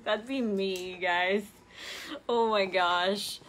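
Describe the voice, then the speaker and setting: A woman co-hosting a crafting video, chatting casually and giggling through animated stories. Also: mid-range voice, slow, a little hiss or hum. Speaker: co-host of a crafting channel. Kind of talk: casual chat while crafting.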